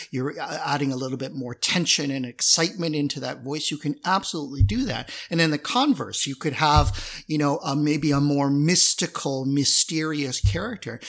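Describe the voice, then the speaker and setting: A man's voice: on the high side, a bit bright. A man in a casual panel discussion who jumps in eagerly to add his own points. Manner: enthusiastic, chimes in eagerly.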